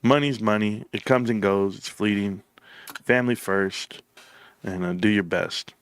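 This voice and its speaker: A man's voice: mid-range voice, moderate pace, a bit bright, dry recording, studio quality. A man in his thirties hosting a casual livestream, joking and slipping into bits of song. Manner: joking, breaks into singing. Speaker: livestream host.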